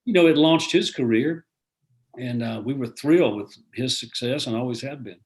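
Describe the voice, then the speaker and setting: Older man, folksy and rambling, video call chat, middle-pitched voice. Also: moderate pace, darkish tone. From American South. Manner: rambling, many restarts, folksy. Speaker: guest author. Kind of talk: casual interview over video call.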